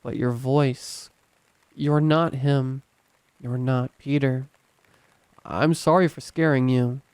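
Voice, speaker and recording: A man voicing a frail, grieving old man who talks in a halting, apologetic way, choked up with tears. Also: mid-range voice, steady tone, darkish tone, clear, resonant tone, dry recording, lightly acted. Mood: remorseful. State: choked up, crying.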